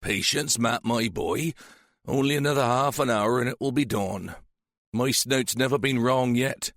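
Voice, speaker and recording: A man's voice: medium pitch, measured pace, fairly bright tone, dry recording, studio quality, lightly acted. A man voicing a shrewd, sly older police sergeant, teasing and relishing menace.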